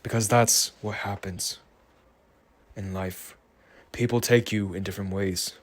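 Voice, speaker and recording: Slow, rambling man with a low voice. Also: fairly even intonation. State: tired. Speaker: vlogger. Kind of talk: reflective solo monologue.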